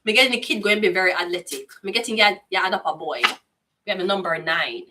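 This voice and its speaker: Bright-voiced Jamaican woman tarot reader. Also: fairly low pitch, quick pace, distant mic. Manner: blunt, profane, chatty patois. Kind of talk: casual tarot reading.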